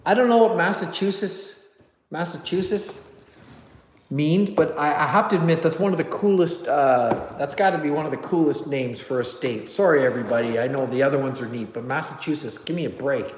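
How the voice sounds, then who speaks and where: A chatty man hosting a live stream, reading out viewer comments with easy self-deprecating humor. His voice sits a little high and comes through dull and muffled. The room around him echoes with a long, lingering reverb. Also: a little fast, slight background noise. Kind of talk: casual live stream chat.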